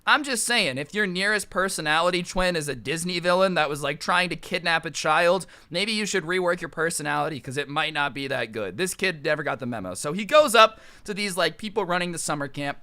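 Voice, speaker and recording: A young American man telling a comedic storytime monologue, animated and sarcastic, with quick asides. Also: a little high. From United States. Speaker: storytime YouTuber.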